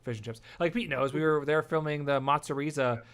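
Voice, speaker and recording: A man's voice: on the high side, brisk, fairly bright tone, clear, resonant tone. Easygoing man hosting a chat. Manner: easygoing, laughs often. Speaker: podcast host. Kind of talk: casual chat.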